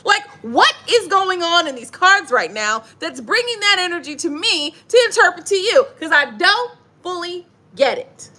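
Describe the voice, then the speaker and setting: A woman giving a casual, playful tarot reading, talking in an animated way full of slang and laughter. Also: extremely high pitch, moderate pace, few pauses. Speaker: tarot reader.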